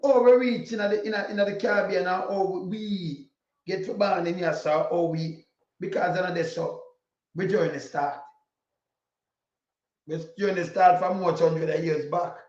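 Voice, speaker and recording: A Jamaican man giving impassioned political commentary in patois, preachy and repetitive, sometimes breaking into a shout. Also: high voice, steady tone, a little slow. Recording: roomy, dull lo-fi sound.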